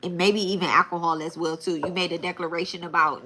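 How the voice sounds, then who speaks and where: A woman reading tarot on a live stream, talking casually and bluntly with plenty of restarts. Her voice sits on the low side yet sounds bright and forceful. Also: steady tone, fast. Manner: casual, repeats and restarts phrases; blunt, swears. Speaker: tarot reader.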